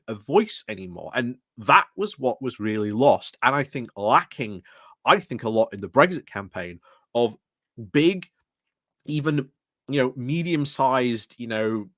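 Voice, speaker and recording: A man's voice: mid-range voice, fairly bright tone, dry recording, studio quality. A man hosting a commentary channel, explaining things in a rambling casual way with many fillers and restarts. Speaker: political commentary channel host.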